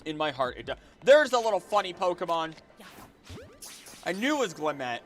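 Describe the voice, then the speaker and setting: A man's voice: on the high side, very animated, normal speed, soft background music. Young man rambling on a game stream. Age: 20s. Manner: rambling, repeats words, talks to chat. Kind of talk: casual gameplay livestream chat.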